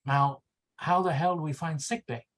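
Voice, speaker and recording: A man's voice: a little high, fairly even intonation, normal speed, a bit bright, close to an everyday voice. A man reading as an authoritative lead actor. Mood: commanding. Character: commanding lead actor, man, trying to keep poise. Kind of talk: read-aloud novel excerpt.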